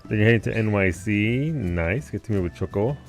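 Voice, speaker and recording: A man's voice: on the low side, animated, a little fast, soft background music. A man live-streaming who chats casually with his viewers, laid-back, greeting people by name and swearing now and then. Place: home basement.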